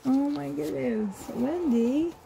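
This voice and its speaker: In a high, slow, gravelly and mellow voice, a Canadian woman gushes her way through a reborn doll unboxing vlog. She laughs often, coughs slightly and is teary, with slight background noise in the recording.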